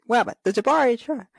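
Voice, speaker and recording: A woman hosts a casual toy fan show with skits, rambling, giggling, and laughing often as she retells scenes. Her voice is on the high side, creaky and husky, and the rough recording has no echo.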